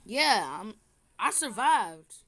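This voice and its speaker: A woman's voice: on the high side, sing-song, takes it slowly, bright, forceful tone. An older woman giving playful, teasing commentary while playing a game with her family, recorded on a phone. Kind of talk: casual gameplay commentary. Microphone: phone screen recording.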